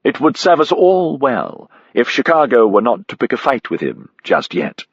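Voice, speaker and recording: A man's voice: medium pitch, huge pitch swings, normal speed, breathy edge, no room sound, muffled recording, pitched above the performer's own voice, exaggerated voice. A man voicing a formal, courtly British army captain in his seventies, speaking with a British accent. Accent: British (figure). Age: 70s (figure).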